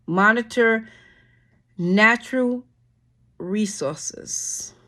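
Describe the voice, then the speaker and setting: Exasperated cussing woman host, slow and dragging, mid-pitch, sighing through a read-through. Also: pushed and bright. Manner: profane, exasperated, halting with restarts and sighs. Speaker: channel host. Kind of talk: angry commentary while reading a bill aloud.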